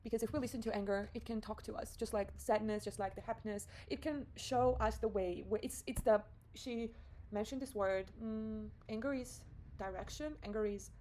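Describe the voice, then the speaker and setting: A woman's voice: fairly high pitch, steady tone, moderate pace, a little mellow, a little hiss or hum, poor audio. Candid young woman telling a story. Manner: candid, emotional storytelling with frequent swearing and fillers. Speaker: vlogger. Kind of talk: casual confessional vlog.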